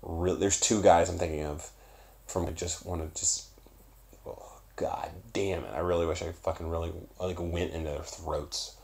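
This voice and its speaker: Young male vlogger, deep gravelly voice, profane, rambling, loud then mumbling. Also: moderate pace, a little hiss or hum. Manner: profane, animated, swings between loud and mumbled. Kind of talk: casual rambling monologue.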